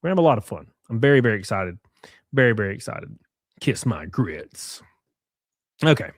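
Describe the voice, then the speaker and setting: A young man streams from home, talking casually into a close desk mic. His tone is mocking and sarcastic, and he swears freely. His voice sits at an ordinary middle pitch, and the sound is dry, with no room echo. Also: animated, rapid-fire. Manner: thanks viewers for gifted subs. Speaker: live stream host.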